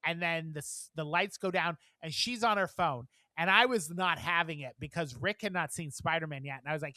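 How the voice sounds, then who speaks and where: A man co-hosting a podcast, telling animated, profane stories in casual chat and acting out the people in them. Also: on the high side, a little fast, hardly any pauses, no echo, clean studio sound. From moved to New York from elsewhere. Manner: animated, profane storytelling with acted quotes. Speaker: podcast co-host.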